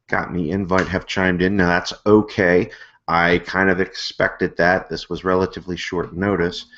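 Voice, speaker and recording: A man with a very low, deep voice hosts a live web stream from home, chatting loosely and circling back with lots of ums and uhs. The sound is muffled and lo-fi, like an older online broadcast. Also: fairly bright tone. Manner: rambling, hesitant, many fillers and restarts. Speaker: host of an amateur astronomy hangout. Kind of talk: casual live-stream talk.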